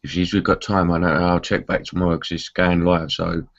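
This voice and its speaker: A man in a casual voice chat, quickly and warmly signing off. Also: low voice, level tone, creaky. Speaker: chat participant. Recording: dull lo-fi voice chat audio.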